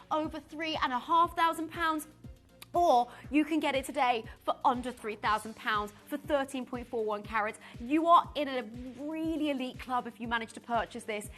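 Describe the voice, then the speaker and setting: A woman presenting live on a shopping channel, gushing and excitable, often restarting her sentences. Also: high voice. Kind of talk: live TV sales pitch.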